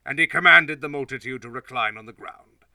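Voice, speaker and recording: A man reading scripture aloud as scripted narration, in a steady, formal way. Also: mid-range voice, fairly quick, gravelly, no echo, recorded from a distance. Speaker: scripture reader.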